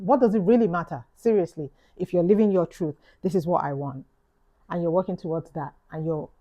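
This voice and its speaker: Speaking in a fairly low-pitched voice on a muffled recording, a London-accented woman YouTuber reflects earnestly to camera. She leans on repetition of key phrases to drive her points home.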